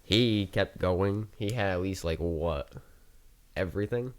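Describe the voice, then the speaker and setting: A man's voice: deep voice, a little slow. A young man from New Jersey, a podcast guest, telling a rambling, profane story in casual chat full of "like". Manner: rambling, filler-heavy, profane anecdote telling.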